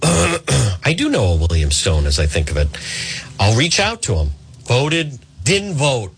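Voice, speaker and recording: A middle-aged man hosting an opinionated talk radio monologue, acting out quotes and often clearing his throat. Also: medium pitch, a little slow. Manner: animated, acts out quotes, frequent throat clearing. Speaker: radio talk show host.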